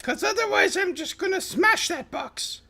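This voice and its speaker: A man voicing a giant mutated male kobold, brash and bullying, in a shrill, high, shouting voice. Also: animated, moderate pace, creaky, soft background music, exaggerated voice. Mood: menacing shout. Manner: loud shouting threats, high squawking.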